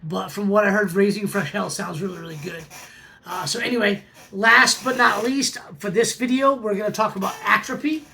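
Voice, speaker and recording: Vlog host, forties, gravelly voice of middling pitch, keen and chatty. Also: moderate pace, bright, forceful tone. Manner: enthusiastic, repeats praise words. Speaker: metal record collector host. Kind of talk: casual album review vlog.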